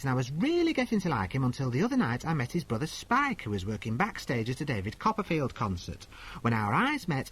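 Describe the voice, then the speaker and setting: A man's voice: medium pitch, fairly bright tone, slightly rough, rough recording. A man playing a crude, brassy woman agony aunt who reads out letters and answers them bluntly in a comedy sketch. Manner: blunt, bawdy, mock-sincere.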